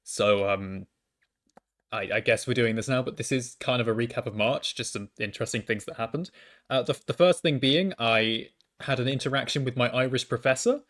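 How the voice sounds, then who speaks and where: A young man talks through a storytime at a mid-range pitch. He hesitates, stutters and restarts often, and he mocks himself as he goes. It sounds like a student recording into a microphone at home. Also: moderate pace, fairly bright tone. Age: young adult. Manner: hesitant, stammering restarts, self-deprecating. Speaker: university student. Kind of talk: casual storytime monologue.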